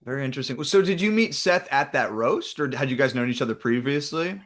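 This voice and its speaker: Fast, animated male podcast host. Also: medium pitch. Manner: quick, animated, joking sarcasm. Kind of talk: casual podcast interview.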